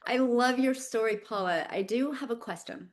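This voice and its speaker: A woman's voice: on the high side, moderate pace. A woman hosting an online training program, speaking in casual chat and encouraging her guest.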